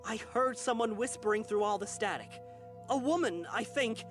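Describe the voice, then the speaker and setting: A woman's voice: on the high side, normal speed, natural voice. A woman voicing a concerned young woman who guides the player over an earpiece, in game audio with music under it. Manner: lively, concerned.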